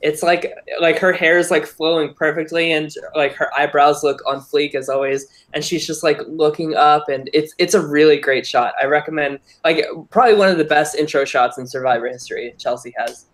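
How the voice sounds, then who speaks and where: A man's voice: on the high side, steady tone, a little fast, few pauses, fairly bright tone. Gushing man with a raised voice. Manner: gushing, filler-heavy. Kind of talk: casual group chat.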